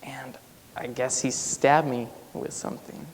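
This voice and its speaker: A man's voice: mid-range voice, little pitch movement, unhurried, in a whisper. A young male student on stage tells a personal story in a casual style, with a lot of "like" fillers. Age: young adult. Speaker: student speaker. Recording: long hall reverb, faint noise.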